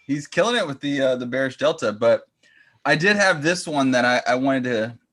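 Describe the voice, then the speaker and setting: A man coaching trades, calmly walking through a chart step by step in casual chat. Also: medium pitch, moderate pace. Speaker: trading coach.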